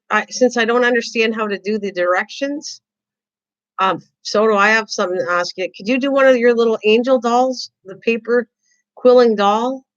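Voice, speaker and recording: A woman hosting a crafting livestream, chatting with her viewers in an excitable, rambling way and often repeating herself. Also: fairly high pitch. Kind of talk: casual chat reading viewer comments. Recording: dull lo-fi livestream audio.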